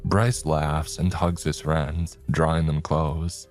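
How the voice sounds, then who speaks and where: Give me a man with an extremely low voice narrating a horror story, measured, over faint music. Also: steady tone, darkish tone.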